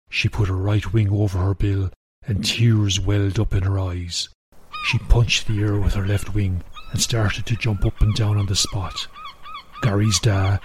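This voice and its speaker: A man with a low, husky voice reads a storybook tale in an even, gentle way. The sound is dry and close to the mic. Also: no room sound. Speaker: narrator. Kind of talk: scripted storybook narration.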